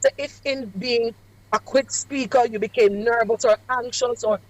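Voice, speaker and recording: A woman, a radio guest coaching on public speaking in a measured, emphatic cadence with deliberate pauses. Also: on the high side, steady tone, no room sound, low-quality recording. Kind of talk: radio interview advice. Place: away from the studio.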